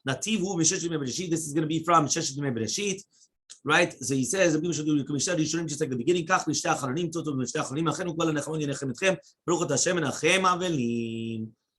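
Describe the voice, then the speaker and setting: Speaking a little high, with some hiss or hum in the recording, a male rabbi leads an English-language Talmud class. He rattles off Hebrew quotes in a quick chant, translates them, and peppers his animated teaching with questioning asides like "right?" and "yeah?"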